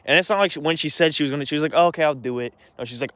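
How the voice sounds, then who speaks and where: A man's voice: a little high, rapid-fire, a bit bright, no room sound. A young man telling a long personal story in a rambling, agitated way, with many restarts and some swearing. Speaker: vlogger. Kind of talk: casual storytelling rant.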